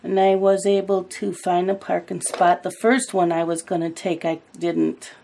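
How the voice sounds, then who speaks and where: With a lowish, creaky, dark voice, fairly even intonation, and a moderate pace, a middle-aged coloring channel host talks about her day while coloring, drifting through family stories and laughing at them. A little hiss or hum is audible.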